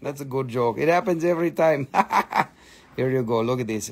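A gravelly, mid-range male voice at normal speed belongs to a live-stream host selling rocks and minerals. He's from the Appalachian Valley, US, and keeps the sales chat casual, joking, cursing, laughing often and putting on funny accents.

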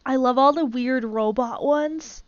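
Woman streamer, gushing and excitable, fairly high voice, dull lo-fi mic. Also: a little slow, no room sound. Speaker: streamer host. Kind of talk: casual live-stream chat while gaming.

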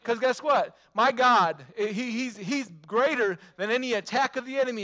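A man's voice: sits high, normal speed, hardly any pauses, bright, forceful tone. A male pastor preaching a sermon, emphatic, repeating phrases and asking the congregation rhetorical questions.

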